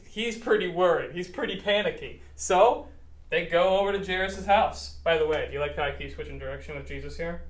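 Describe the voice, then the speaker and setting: A male pastor giving a children's Bible lesson, telling the story in a playful, animated way and acting out the characters. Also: high voice, brisk. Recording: roomy echo.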